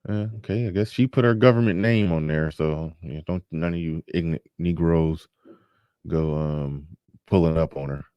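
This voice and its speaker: A man with a low voice hosts a live show, talking casually and wryly to his listeners. The sound is dry and close, with no room around it. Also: normal speed, smooth, no room sound, muffled recording. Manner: chatty, wry, reads donation pages aloud. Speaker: podcast host.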